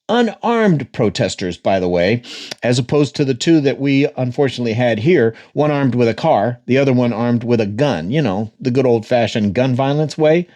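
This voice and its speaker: A man hosts a political commentary monologue, sarcastic and emphatic. His voice is dark and mellow but swings widely in pitch. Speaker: host.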